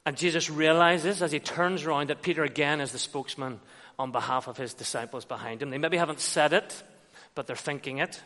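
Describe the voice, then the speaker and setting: A man's voice: fairly high pitch, fairly quick, fairly bright tone. A man preaching an expository sermon, retelling scenes and acting out quoted dialogue. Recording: long reverb of a large hall.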